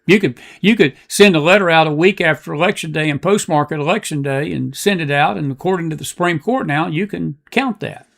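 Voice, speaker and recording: A man's voice: a little high, a little fast, creaky, few pauses, a bit bright. A man hosting a political talk show, giving impassioned, repetitive commentary in front of a live audience.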